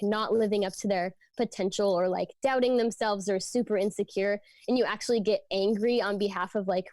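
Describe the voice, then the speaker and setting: A young woman speaking to a youth group in a relaxed, chatty sermon, her voice at an everyday middle pitch. She talks earnestly through a scripture passage and often drops in "like" and "um". The sound is dry and close, with no room around it. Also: no room sound. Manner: conversational, frequent fillers like "like" and "um".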